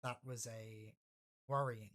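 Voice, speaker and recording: Slow, bright-voiced woman game master. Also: very deep voice, steady tone. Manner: slow, hesitant, with many fillers. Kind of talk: narrating a tabletop game.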